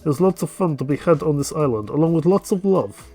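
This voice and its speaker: Cheerful flirty huntress woman, upbeat, slow and teasing, voiced by a man. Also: a little high, expressive, dark tone, soft background music.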